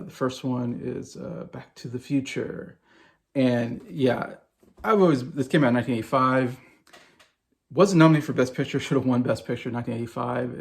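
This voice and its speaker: A man in his forties ranking his favorite movies in a casual vlog, gushing and rambling with fillers and restarts. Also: medium pitch. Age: 40s. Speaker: movie vlogger.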